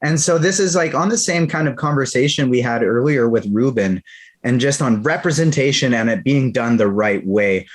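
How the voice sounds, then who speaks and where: A man's voice: medium pitch, moderate pace. A man from Canada, a podcast co-host, chatting animatedly about a TV episode in a casual review. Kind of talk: casual pop-culture review chat.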